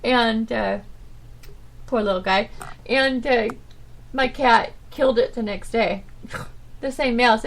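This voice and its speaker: A woman talks alone on her internet radio show in a loose, rambling monologue. Her voice sits a little high, and she speaks haltingly in a subdued tone, breaking in with nervous laughs.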